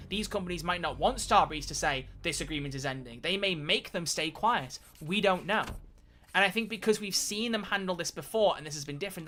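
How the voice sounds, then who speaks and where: A man talks to his live audience while he plays, loose and chatty, with the odd swear word. His tone is bright and forward. It sounds like a home streaming setup. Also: sits high, slight background noise. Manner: chatty, animated, swears casually. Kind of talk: casual live-stream chat while gaming.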